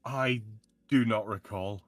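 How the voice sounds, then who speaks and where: A man's voice: on the low side, slow, no room sound. A man speaking as a guest in a casual chat, blunt and swearing freely.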